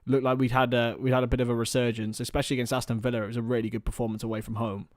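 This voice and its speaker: A young man giving partisan live commentary on a football match for a fan watchalong, chatting casually between the action and getting loud at chances. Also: mid-range voice, very fast, no room sound, clean studio sound. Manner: partisan, rises to excited shouts at chances.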